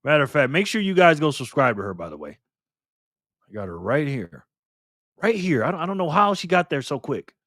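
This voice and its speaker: A man's voice: fairly high pitch, very animated, brisk, fairly bright tone, no room sound, clean studio sound. A man hosting a casual live stream, greeting chat members by name and teasing them in a playful way.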